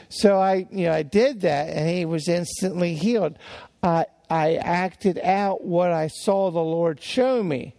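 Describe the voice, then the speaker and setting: A man's voice: on the high side, gravelly, dark tone. An older man preaching in a folksy storytelling way, with many restarts and fillers. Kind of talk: sermon-style teaching.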